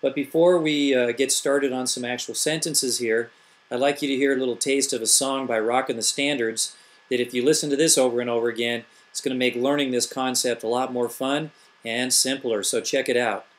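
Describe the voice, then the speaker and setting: A man's voice: mid-range voice, steady tone, fairly quick. A middle-aged man, an elementary school teacher, patiently explaining grammar step by step and asking rhetorical questions. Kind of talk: classroom grammar tutorial.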